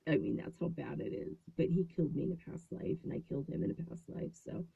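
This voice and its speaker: Chatty lady in her 50s, gravelly husky voice, sounds like a phone line. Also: low voice, big pitch swings, fast. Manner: chatty, acts out quoted voices. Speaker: host. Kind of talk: casual storytelling monologue. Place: small closet at home.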